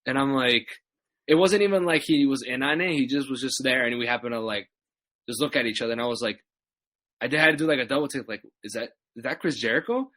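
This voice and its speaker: A man's voice: medium pitch, fast talker, dry recording. A young adult man telling stories in a casual chat, acting out what people said. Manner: animated storyteller, acts out quotes. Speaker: podcast guest.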